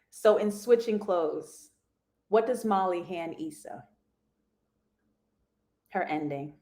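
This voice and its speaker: A woman's voice: on the low side, dark tone. A young woman hosting a live TV review show, chatting casually to viewers with slangy asides and frequent laughter.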